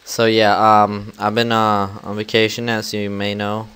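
A young man with a deep, unhurried voice that has a bright, forceful edge, talking through his game as a channel host. His commentary is loose and rambling, full of ums and restarts, with sudden loud yells at the screen. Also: completely flat delivery, smooth. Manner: rambling, filler-heavy, bursts into loud yells. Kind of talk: casual let's-play commentary.

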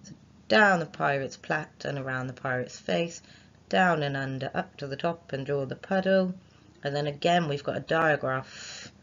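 A woman's voice: deep voice, normal speed, muffled recording. A woman, a primary school teacher giving a recorded phonics lesson to young children, sounding out letters and chanting rhymes for writing them.

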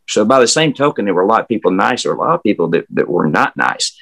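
A man's voice: low-pitched, lively intonation, brisk, gravelly, a bit bright, poor audio. An older man with a Southern US accent, a former historic house guide, telling stories in a rambling, folksy way full of fillers and restarts. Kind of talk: casual storytelling interview. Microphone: remote video call.

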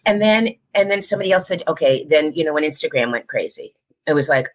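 A woman from the United States talks as a guest in a casual interview, with a fairly low voice. She is animated and laughs easily, and she slips into other people's voices when she quotes them. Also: quick pace. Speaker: guest actress.

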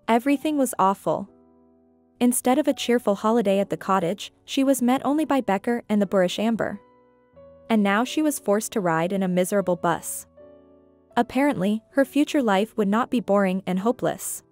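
A woman narrating a scripted drama story in a steady, even storytelling manner. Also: mid-range voice, normal speed, soft background music.

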